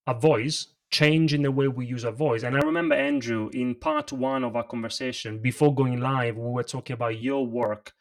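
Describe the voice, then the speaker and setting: A man who is not an English speaker, a presentation coach explaining vocal technique in a livestream interview, animated and practical. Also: mid-range voice, moderate pace, hardly any pauses, recorded from a distance.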